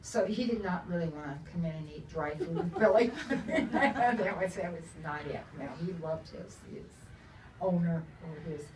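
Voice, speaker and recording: An older woman author tells chatty stories to an audience at a bookstore event, laughing often. Her voice is lowish and darkish in tone, at a moderate pace. The recording is roomy and distant, with faint ambience.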